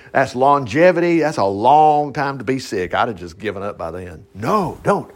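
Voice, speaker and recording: A man reading Bible passages aloud and commenting in a casual, animated way, breaking into asides. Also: a little high. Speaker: Bible teacher.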